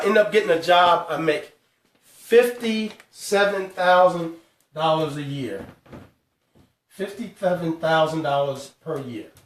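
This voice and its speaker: A man's voice: a little high, recorded from a distance. Emphatic man in an echoey room. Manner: emphatic, drawn-out numbers, calls out to viewers. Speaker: host. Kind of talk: live-streamed financial talk at a whiteboard. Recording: echoey room, speaker away from mic.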